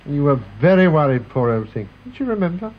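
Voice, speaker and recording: An actor playing a gentle, jovial middle-aged father in a radio drama. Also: on the high side, very animated, fast, highs cut off, slight background noise. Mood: reassuring. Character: kindly upper-class father, calm and reassuring. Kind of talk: 1930s-set radio drama.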